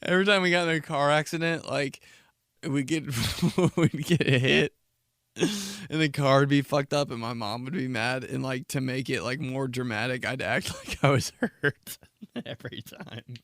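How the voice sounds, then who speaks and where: A young man rants alone into a close podcast mic, loose and profane, often laughing at his own stories. His voice sits at a middle pitch, and the sound is very dry with no room around it. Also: measured pace, fairly bright tone, no room sound. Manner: rambling, profane, laughs at himself, acts out dramatic reactions. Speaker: podcast host. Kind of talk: solo comedic podcast rant.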